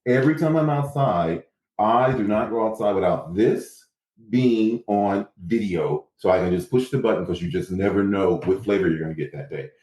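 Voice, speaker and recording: A man's voice: fairly low pitch, normal speed, reverberant, rough recording. A man guest in a casual interview, telling his story with animation and acting out what others said. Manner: animated, acts out quotes from others.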